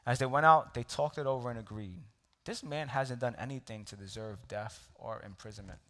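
A man's voice: medium pitch, moderate pace, a bit bright. A man preaching a sermon, telling a personal story with laughs and asides to the congregation. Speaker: pastor. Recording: long hall reverb.

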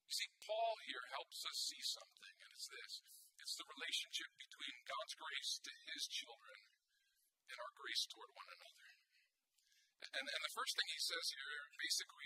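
Middle-aged pastor guy preaching, husky voice, super bright sharp tone, keeps saying right?. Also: very high voice, poor audio. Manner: animated preaching, repeats words, asks the congregation "right?". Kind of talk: sermon.

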